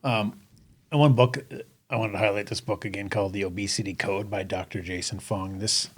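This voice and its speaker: A man with a fairly low voice hosts a casual fitness podcast. He sounds relaxed and agreeable, easily going along with his co-host's points. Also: a little fast, breathy edge. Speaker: podcast host. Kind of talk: casual chat.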